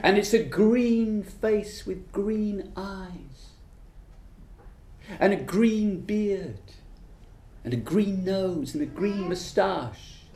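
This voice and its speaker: A woman telling a folk tale aloud, with dramatic, repetitive, drawn-out phrasing. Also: medium pitch, lively intonation, warm tone. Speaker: storyteller. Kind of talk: oral storytelling. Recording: roomy echo with music behind.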